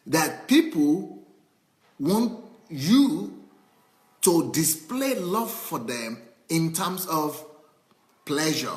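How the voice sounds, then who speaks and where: Lively, echoey male preacher. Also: on the high side. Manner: animated preaching with acted-out anecdotes and repetition. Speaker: pastor. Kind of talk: sermon.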